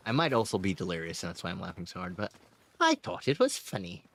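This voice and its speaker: A man streaming a game and chatting casually, his voice strained and hoarse, laughing often and swearing. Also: low-pitched, wildly swooping pitch, fast, a bit bright, slight background noise.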